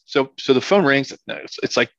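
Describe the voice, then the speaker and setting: A man's voice: medium pitch, lively intonation, moderate pace, a bit bright, dry recording. Chatty middle-aged Philly man, dry dull audio. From Philadelphia area. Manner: rambling, loose storyteller with frequent "like" and "you know". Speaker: guest, former football player. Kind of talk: casual anecdote telling. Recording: slightly dull, dry sound.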